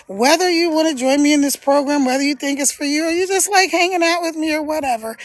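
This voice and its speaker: Chatty high-voiced woman streamer. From Philadelphia, USA. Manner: chatty, laughs often, encouraging. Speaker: live streamer. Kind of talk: casual livestream chat.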